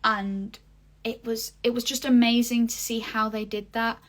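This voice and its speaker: A woman's voice: fairly high pitch, flat delivery, a little slow. A young woman talking casually in a vlog, reviewing a stage show with gushing enthusiasm and lots of fillers. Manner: chatty, gushing, many fillers. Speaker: vlogger.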